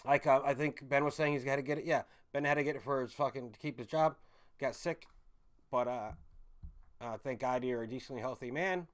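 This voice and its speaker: A man's voice: medium pitch, fairly quick. A man chats loosely to a live audience, circling back and correcting himself as he goes. His talk is off-the-cuff and peppered with swearing, in a mid-range voice. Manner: rambling, swearing, self-correcting. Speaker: livestream host chatting with viewers. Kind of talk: casual live-chat rambling.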